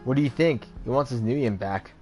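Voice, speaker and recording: A man's voice: mid-range voice, moderate pace, warm tone, faint music behind, close to an everyday voice. A man voicing a blunt, pushy male mercenary hero in a video game.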